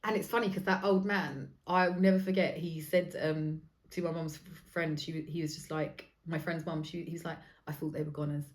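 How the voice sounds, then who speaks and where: Her voice sits low as this woman in her thirties, a podcast host, tells a story in an easygoing monologue. She's animated, laughs readily, and doesn't hold back on swearing.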